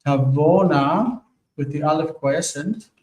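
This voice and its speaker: Male grammar teacher, slow patient explaining, somewhat high voice, distant mic, echoey room. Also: darkish tone. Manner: slow, patient explaining with frequent "okay?" checks. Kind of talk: online grammar lesson.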